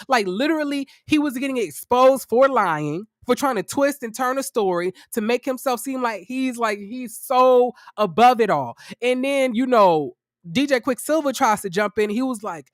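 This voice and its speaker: A man giving casual reaction commentary on a reality show, profane and animated, with sassy, theatrical exclamations and dramatic asides. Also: extremely high pitch, normal speed, no room sound, studio quality.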